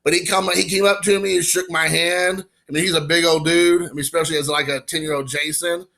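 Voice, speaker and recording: Casual card vlogger, man in his forties from Indiana; gravelly, bright, gushing and rambling. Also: fairly high pitch, fast. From Indiana, USA. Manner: excited, emotional, rambling with fillers. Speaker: baseball card collector vlogger. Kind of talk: casual card-opening vlog.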